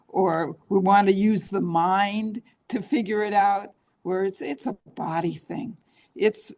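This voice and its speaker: A woman's voice: medium pitch, vocal fry, darkish tone. Earnest woman coaching on emotions. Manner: earnest, coaching, acts out clients' voices. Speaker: guest therapist. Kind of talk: interview conversation.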